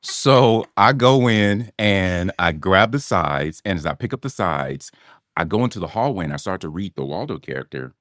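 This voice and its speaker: A man's voice: sits low, expressive, moderate pace, a bit bright, dry recording. A middle-aged man, an actor guest on a podcast, telling an audition story and acting out his own past lines with laughs and swearing.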